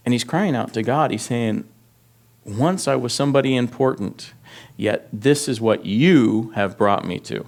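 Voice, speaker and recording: A man's voice: mid-range voice, a little slow, darkish tone. A pastor teaching through scripture in a sermon, reading passages aloud and rising in intensity as he voices the text's laments. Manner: reads scripture aloud with rising intensity, speaks plainly to the congregation. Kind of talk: expository sermon.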